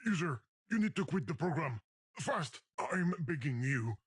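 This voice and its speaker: An actor voicing an anxious, exasperated talking video game with a foreign accent, pleading and excitable. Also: male voice, fairly high pitch, moderate pace, very noisy. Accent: foreign-accented English. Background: game music.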